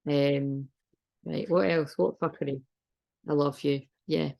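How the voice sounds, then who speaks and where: A woman's voice: low voice, steady tone, takes it slowly, vocal fry, darkish tone. A British woman giving a casual tarot reading, rambling, laughing and swearing freely. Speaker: tarot reader.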